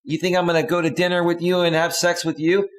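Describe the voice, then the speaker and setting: A man's voice: high voice, little pitch movement, fast, voice pushed up, close to an everyday voice. A man voicing an angry, sarcastic adult girlfriend who taunts her partner. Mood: taunting. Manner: mocking, taunting.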